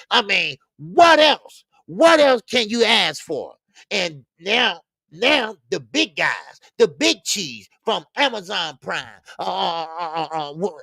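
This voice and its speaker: Gravelly, animated boxing show host. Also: male voice, high-pitched, dry recording, clean studio sound. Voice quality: loud, animated, profane, repeats himself. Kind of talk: casual live-stream commentary, reading chat.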